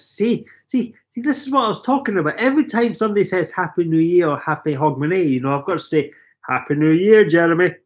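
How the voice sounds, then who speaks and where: A middle-aged Scottish man at home with a cold, coughing and chatting self-mockingly on a live stream while reading out viewer comments. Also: on the high side. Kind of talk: rambling live stream chat. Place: living room at home.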